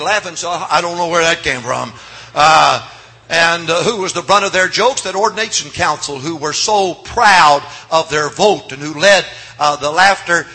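Male revival preacher, husky and bright, hushed-to-shouting delivery. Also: a little high. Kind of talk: revival sermon. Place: church sanctuary.

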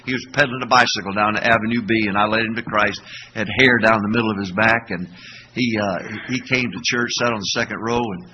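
An older man preaching a sermon as pastor, asking the congregation to call back answers and breaking into shouts. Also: on the low side, a little fast, dull audio, slight background noise. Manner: animated preaching with call-and-response questions; sudden shouting bursts.

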